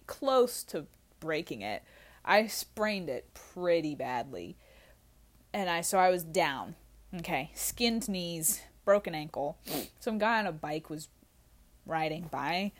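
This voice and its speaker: Candid young woman telling a story. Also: fairly low pitch. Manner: candid, animated, swears freely, laughs at herself. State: drinking while talking. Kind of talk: casual storytelling.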